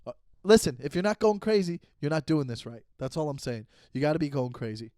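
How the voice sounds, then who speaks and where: Alone in his bedroom with the door shut, a man rants profanely for his comedy podcast into a phone set up facing him, tripping into quick restarts. He sounds high-pitched, animated and a little mellow, with no room sound and a clean studio feel.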